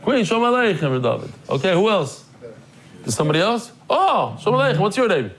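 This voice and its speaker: A man with a high, brisk voice hosts a daily Talmud class, telling a story in a lively, jokey way and acting out the characters before greeting guests in the room. It's casual storytelling for a live class.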